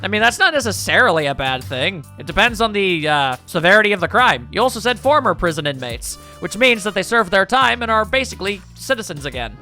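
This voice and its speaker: A man's voice: sits high, big pitch swings, brisk, few pauses, pushed and bright, faint music behind. Joking man commenting on a game. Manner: joking, rambling asides. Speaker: let's play commentator.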